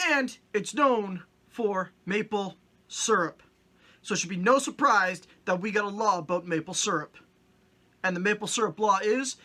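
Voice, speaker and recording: A man's voice: sits high, bright, forceful tone. A middle-aged man from Canada hosting a casual comedic vlog, joking and acting out little mock-stern scenes. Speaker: vlogger host.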